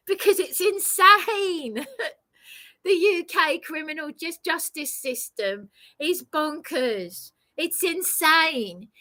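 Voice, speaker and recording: A woman's voice: high-pitched, pushed and bright. A woman delivering an indignant, emphatic ranting monologue, swearing and laughing bitterly. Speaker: vlogger.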